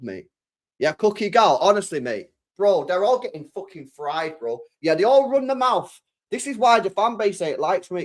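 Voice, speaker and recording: A young man reacting live to a football match on his stream, excitable and sweary, repeating his lines. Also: high-pitched.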